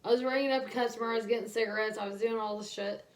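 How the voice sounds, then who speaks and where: A woman's voice: fairly high pitch, steady tone, very fast. A tired woman chatting casually and laughing as she tells stories about her day. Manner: loose, laughing storyteller. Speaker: co-host. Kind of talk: casual chat.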